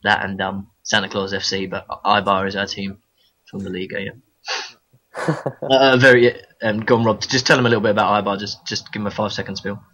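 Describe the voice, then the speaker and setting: A man's voice: on the low side, little pitch movement, fairly quick, bright, forceful tone, rough recording. A man co-hosting a football podcast, chatting casually with frequent hesitations. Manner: hesitant, lots of ums and restarts. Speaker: podcast co-host. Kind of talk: casual chat.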